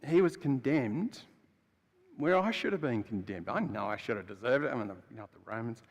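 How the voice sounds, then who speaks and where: A man preaching as the freed prisoner Barabbas, telling his story in the first person with a chatty, storytelling manner that swings between loud and hushed. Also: mid-range voice, expressive, brisk, voice pushed down. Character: adult male prisoner Barabbas, rough and blunt. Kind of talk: first-person dramatic monologue in a sermon. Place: church. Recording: long church hall reverb.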